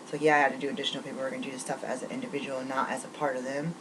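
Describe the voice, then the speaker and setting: In a rambling vlog monologue, a woman with a rumbling low, level voice vents at rapid-fire speed. She's riled up and angry, stumbling through many restarts as she rants. Background noise is audible.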